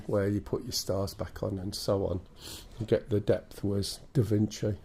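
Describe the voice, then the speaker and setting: A man's voice: sits low, warm tone, slight background noise. Stuffy-nosed English man streaming a game. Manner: chatty, thinks aloud, greets viewers. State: stuffy nose from a cold. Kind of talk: live flight-sim stream commentary.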